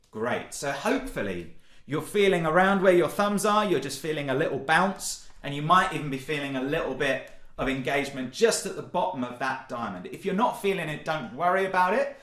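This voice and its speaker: Upbeat man leading vocal warm-ups. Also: a little high, reverberant. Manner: upbeat, encouraging, demonstrates sounds loudly. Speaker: singing workshop leader. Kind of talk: online vocal warm-up session.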